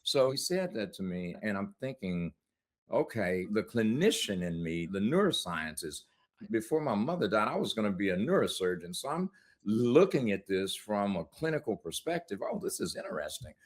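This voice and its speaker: A middle-aged man with a very low voice tells his own story as a guest in an interview. He talks candidly and conversationally, and laughs often as he goes. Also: very animated, moderate pace.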